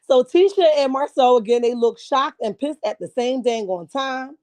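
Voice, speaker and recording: A woman recapping a reality show in a lively, laughing, slangy way, chatting with her live viewers and calling them honey and baby. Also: high voice, moderate pace, few pauses, no room sound, studio quality. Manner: animated, laughing storyteller, slangy and blunt; calls her viewers 'baby', 'honey' and 'child'. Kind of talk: casual recap chat, reading live chat.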